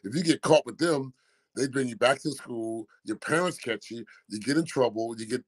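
Animated storytelling man in his sixties. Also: medium pitch, normal speed, low-quality recording. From Philadelphia. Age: 60s. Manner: animated storyteller who acts out quoted dialogue. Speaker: guest, former college basketball player. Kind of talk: casual storytelling interview.

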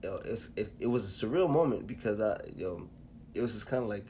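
Low-voiced man telling a story. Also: animated, dark tone, slight background noise. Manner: storytelling, halting with fillers and restarts. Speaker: podcast co-host. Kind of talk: casual chat.

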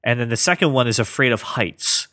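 This is an earnest man co-hosting a casual comics chat, circling back and restarting as he works through his thoughts. His voice sits at an ordinary middle pitch. It is recorded dry and close, with no room sound. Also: a little fast, sharp tone, no echo. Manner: earnest, thinks aloud with many restarts. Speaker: podcast co-host.

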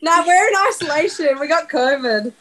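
Casual woman guest with a fairly high voice, relaxed and full of fillers. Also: moderate pace, low-quality recording. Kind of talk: casual chat.

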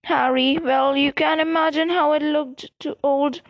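A woman voicing a calm, manipulative young male wizard in a storybook reading, speaking softly and slowly with quiet menace. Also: sits high, dry recording, muffled recording. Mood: calm menacing. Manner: soft, calm, slow and pleasant with menace.

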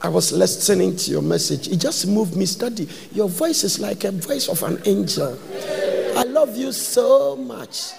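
A man preaching an animated sermon, dropping into Twi phrases and breaking into shouts. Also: sits high, measured pace, gravelly, long reverb tail. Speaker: pastor.

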